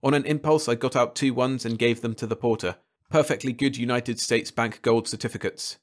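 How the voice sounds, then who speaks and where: A man narrating a short story as an audiobook in a calm, steady way. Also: medium pitch, brisk. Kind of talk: scripted narration.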